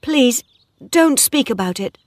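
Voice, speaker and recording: A spirited young woman farmer, voiced by a woman reading the story aloud. She speaks high and slowly, her pitch rising and falling with feeling. The sound is close and dry. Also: animated, dry recording. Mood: pleading. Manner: earnest, pleading, emotional.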